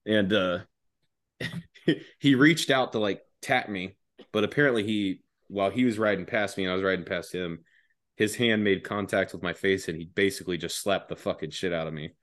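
A young man relaxes into a rambling, foul-mouthed story as a podcast guest. His voice sits on the low side and sounds dry and close. He chuckles as he goes and takes detours in the telling. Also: moderate pace, a bit bright, no echo. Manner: profane, laughing, rambling. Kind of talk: casual storytelling.

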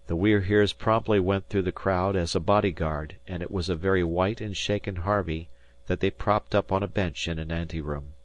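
In a low voice with no room sound, a man narrates a classic novel as an audiobook. His scripted storytelling is measured and even.

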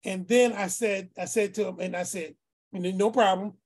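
A man casually telling a story in a class over a video call. He talks in an animated way and acts out the other people in his story. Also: sits high, normal speed, creaky. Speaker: class participant.

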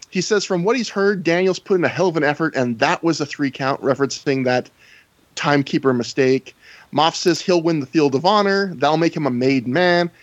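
A man runs through a wrestling recap in a relaxed, wry way, dropping deadpan asides. His voice sits a bit high, and the close, dry recording has a dull, lo-fi sound. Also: dry recording. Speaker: podcast host recapping a wrestling show. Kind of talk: casual chat, recapping events.

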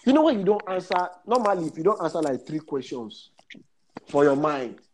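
A young Nigerian man telling a comic story in casual chat, animated and laughing as he goes. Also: a little high, fairly quick, a little hiss or hum. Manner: animated, laughs through his story, mixes pidgin. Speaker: comedian.

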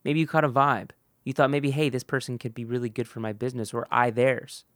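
A man hosting a motivational podcast, talking earnestly and directly to the listener, swinging between loud emphasis and hushed moments and acting out bits of dialogue. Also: mid-range voice, level tone, no echo, clean studio sound. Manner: acts out quick snippets of dialogue. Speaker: podcast host. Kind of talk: motivational monologue.

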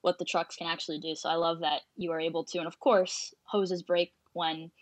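A woman's voice: fairly low pitch, flat delivery, fairly quick, no echo, low-quality recording. Woman host with a dry, close sound. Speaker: podcast host, sales associate. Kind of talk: casual interview chat.

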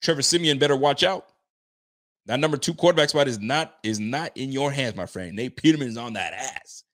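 A man hosting a casual sports talk show, speaking in an animated, slang-heavy way, answering chat comments and riffing on the roster. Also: medium pitch, brisk. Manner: animated, slangy, talks straight to listeners. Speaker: sports podcast host.

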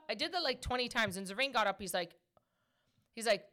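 A woman in her thirties hosting a podcast, answering questions in a chatty, animated way. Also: on the high side, fast. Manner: chatty, animated, laughs often. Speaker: podcast host. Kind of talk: casual podcast Q&A chat.

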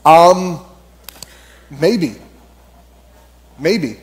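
Animated male pastor, fairly high voice. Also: drawn-out words. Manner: conversational, animated storytelling with repeated emphatic phrases. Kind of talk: sermon.

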